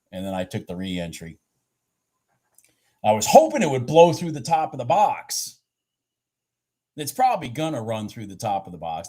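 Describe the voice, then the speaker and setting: A man livestreaming his futures trades, with an unhurried, drawn-out delivery. He cheers his positions on, curses when they stall, and rambles candidly about his charts. His voice sits at a middle pitch. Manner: excitable, swears at the chart, urges trades on. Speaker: futures trading livestream host. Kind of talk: live trading commentary.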